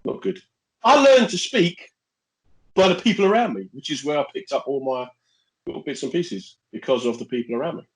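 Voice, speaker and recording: A man's voice: fairly high pitch, brisk, poor audio. A man telling stories in a casual, jokey podcast chat. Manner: animated, jokey, laughs often. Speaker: podcast co-host.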